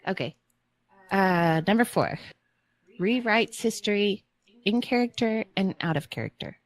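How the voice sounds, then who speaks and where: A woman's voice: medium pitch, lively intonation, a little slow. A woman on a casual podcast panel, playfully reading out list items.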